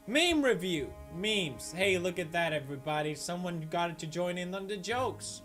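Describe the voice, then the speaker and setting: A man hosting a comedic meme review, talking sarcastically and breaking into mock-outraged yelling. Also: sits high, animated, moderate pace, hardly any pauses, soft background music. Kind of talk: comedic commentary.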